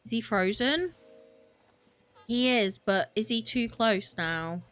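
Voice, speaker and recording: A woman's voice: on the high side, slow, fairly bright tone, soft background music. A young woman streaming a game, talking to herself in a flustered, chatty way with frequent laughs and exclamations. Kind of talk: gaming livestream commentary.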